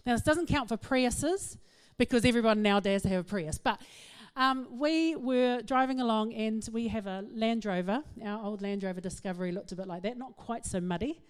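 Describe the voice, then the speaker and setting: A middle-aged woman, giving a humorous, self-mocking talk to an audience in an animated storytelling manner. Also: a little high, moderate pace, hardly any pauses, clear, resonant tone. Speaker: speaker.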